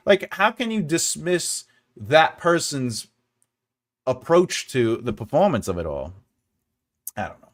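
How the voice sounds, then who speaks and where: A man hosting a casual writing show, rambling with animated asides and quoted back-and-forth. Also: medium pitch. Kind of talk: casual livestream chat.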